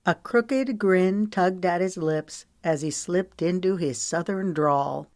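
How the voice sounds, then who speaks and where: A woman with a low voice narrates a romance audiobook, steady and measured. She sits close to a studio mic in a dry, dead room with no echo. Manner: smooth, measured storytelling. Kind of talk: scripted narration.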